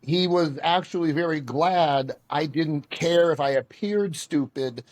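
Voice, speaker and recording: Self-deprecating man with a fairly high voice. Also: measured pace. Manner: animated, self-deprecating storyteller. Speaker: podcast guest, karate instructor. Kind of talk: storytelling in casual conversation.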